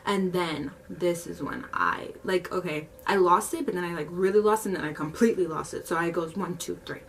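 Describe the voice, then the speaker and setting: A woman's voice: lowish voice, far from the mic, a little hiss or hum. A young woman animatedly telling a story in casual, slangy speech. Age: young adult. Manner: animated, slangy, fast retelling.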